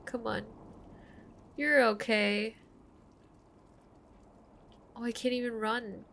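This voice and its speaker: A young woman hosting a let's play, excitable and gasping, cooing over the game's cat. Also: a little high, takes it slowly, vocal fry. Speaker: gaming channel host. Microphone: desk condenser microphone.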